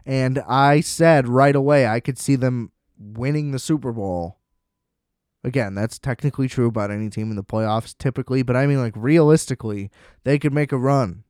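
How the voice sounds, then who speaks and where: A man's voice: medium pitch, normal speed, darkish tone, dry recording. Man, casual solo sports rant, profane and sarcastic, clean dry voice. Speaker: sports commentator.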